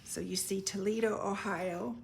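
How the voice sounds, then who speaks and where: A woman's voice: medium pitch, steady tone, creaky, a little hiss or hum. A woman selling vintage paper and crafts, talking casually and describing each item up close. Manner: chatty, unhurried, describing items up close, stumbles over foreign words. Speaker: online craft seller. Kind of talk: casual product presale video.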